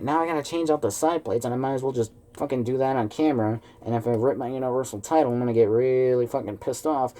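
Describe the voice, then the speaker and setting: A man's voice: medium pitch, animated, brisk, dark tone, a little hiss or hum. A man ranting angrily at home, cursing heavily as he vents in his video. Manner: heavy cursing, fired-up rant. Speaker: wrestling fan vlogger. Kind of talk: angry ranting vlog.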